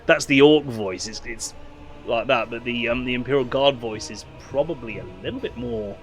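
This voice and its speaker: A man hosting a video game session, reading the game's text aloud and chatting in a relaxed, rambling way. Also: medium pitch, fairly quick, faint music behind. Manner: relaxed, rambling, full of fillers. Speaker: host.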